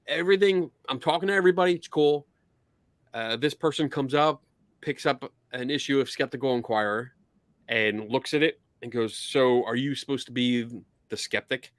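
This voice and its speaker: Male podcast host, mid pitch, chatty storyteller, dry close mic. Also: moderate pace, no room sound. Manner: animated storytelling, acts out quotes. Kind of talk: casual podcast chat.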